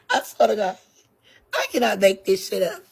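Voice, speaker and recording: A woman telling a story in a casual, animated way, laughing often and swearing freely. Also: mid-range voice, moderate pace, creaky, breathy edge. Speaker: guest.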